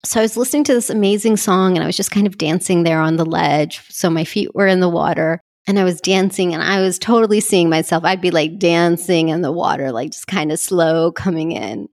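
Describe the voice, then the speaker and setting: A woman's voice: fairly low pitch, brisk, hardly any pauses, darkish tone. A woman speaking in a personal vlog, gushing and heartfelt, emotional and close to tears. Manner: gushing, heartfelt, tearful at times. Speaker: vlogger speaking to her community.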